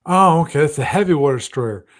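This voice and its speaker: A man's voice: fairly high pitch, expressive, fast. Rambling, self-mocking man hosting a live stream. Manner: rambling, self-deprecating, thinks aloud with many restarts. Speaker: host of a gaming livestream. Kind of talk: casual live-stream commentary.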